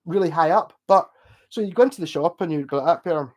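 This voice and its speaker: A man's voice: a little high, brisk. Chatty Glasgow-accented man. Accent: Scottish, Glasgow. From Scotland. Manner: rambling, animated, swears, laughs often. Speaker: streamer chatting with viewers. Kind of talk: casual livestream chat.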